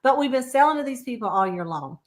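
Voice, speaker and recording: Chatty, higher-voiced woman, casual sales talk over a video call. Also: expressive, fast talker. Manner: chatty, storytelling, laughs often. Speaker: sales consultant. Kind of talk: casual livestream chat.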